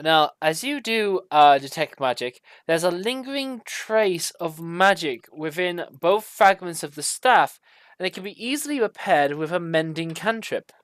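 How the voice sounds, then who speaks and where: A woman's voice: on the low side, lively intonation, a little slow, dry recording. A woman narrating a tabletop game as game master, hesitant and full of fillers. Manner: hesitant, many fillers, laughing.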